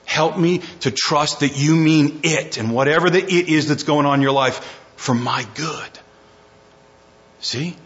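A man's voice: on the high side, unhurried. A man preaching a sermon, reading scripture and acting out quotes with dramatic shifts in his voice. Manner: animated preaching, dramatic voicing of quotes, rising to near shouts. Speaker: pastor. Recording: muffled lo-fi recording.

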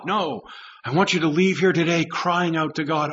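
A man preaching a sermon with passion, swinging from loud urgent lines down to low, intense tones. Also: a little fast, lo-fi sound. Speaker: pastor.

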